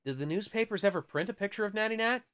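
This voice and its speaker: A man's voice: high-pitched, fast talker, fairly bright tone, dry recording, studio quality, voice pushed up. A man doing an earnest boy detective. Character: ten-year-old boy detective, earnest and clever.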